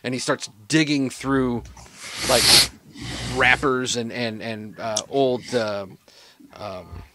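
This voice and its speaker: A man's voice: mid-range voice, fairly even intonation, takes it slowly, very noisy. A man narrating as game master in a tabletop game, in a loose, rambling way with many fillers.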